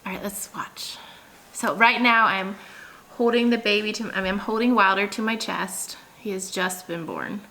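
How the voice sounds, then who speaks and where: A woman's voice: mid-range voice, steady tone, moderate pace, sharp tone. A woman in her thirties, a vlogger, telling a story in a chatty, casual way with lots of fillers and laughs.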